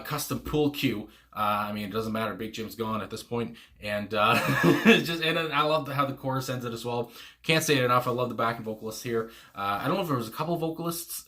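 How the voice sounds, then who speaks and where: A man's voice: mid-range voice, bright, forceful tone. A young man hosting a casual music reaction, rambling with many fillers and restarts and laughing often. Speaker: music reaction channel host.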